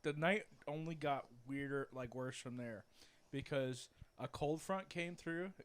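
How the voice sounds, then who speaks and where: A man's voice: on the high side, a little slow, clean tone. A young man co-hosting a podcast, telling a story in rambling casual chat, often stopping to correct himself. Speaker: podcast co-host.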